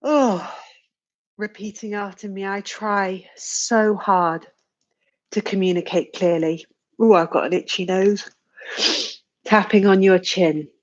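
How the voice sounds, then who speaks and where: Woman guiding a slow, soothing tapping session. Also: medium pitch, fairly even intonation, lo-fi sound. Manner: slow, soothing guidance with sighs and yawns. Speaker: tapping practitioner leading a live session. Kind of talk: guided tapping session, live stream.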